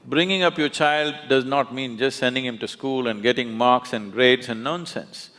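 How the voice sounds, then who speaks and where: A man's voice: medium pitch, fairly bright tone. A man, a spiritual teacher speaking emphatically onstage, often laughing as he tells stories. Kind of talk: onstage conversation. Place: large auditorium.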